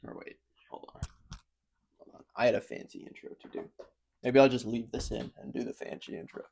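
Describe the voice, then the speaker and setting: Man, vlogger, casual chat to camera, rambling, self-interrupting, medium pitch, close mic. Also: fairly even intonation, brisk, darkish tone, a little hiss or hum. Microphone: close microphone.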